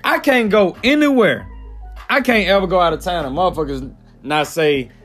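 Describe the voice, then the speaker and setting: A young Southern man from Mississippi, talking in a casual podcast with a high voice that climbs and drops all over the place. His storytelling is loose and full of profanity, with playful shifts into other people's voices. A faint music bed sits under the talk. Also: expressive, moderate pace, a bit bright. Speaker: podcast co-host.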